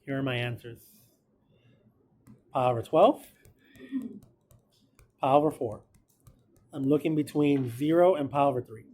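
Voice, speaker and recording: A man's voice: mid-range voice, unhurried, long pauses, mellow, slight background noise. A man teaching a math class, casual and encouraging, talking through each step aloud. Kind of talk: classroom lecture.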